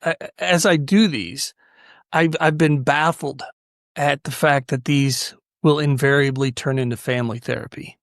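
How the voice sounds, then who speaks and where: A man's voice: medium pitch, steady tone, unhurried, creaky, fairly bright tone, dry recording, studio quality. A man hosting a podcast, telling stories earnestly and with animation, often restarting his sentences. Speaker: podcast host. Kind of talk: conversational storytelling.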